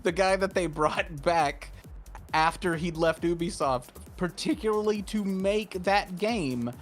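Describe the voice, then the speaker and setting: A man's voice: sits high, a little slow, soft background music. A man chatting as a guest on a casual art stream, joking and ranting with plenty of profanity. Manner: animated, profane, joking rants.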